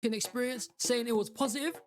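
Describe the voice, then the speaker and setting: A man from London with a London accent giving scripted comedic commentary, incredulous and jumping up in pitch on his punchlines. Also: a little fast. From London, England. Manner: animated, incredulous, rises sharply on punchlines. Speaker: video narrator. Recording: voice-over with music underneath.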